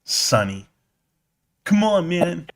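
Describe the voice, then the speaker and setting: A man's voice: fairly high pitch, big pitch swings, takes it slowly. A man live streaming about stocks, ranting brashly and mocking his chat.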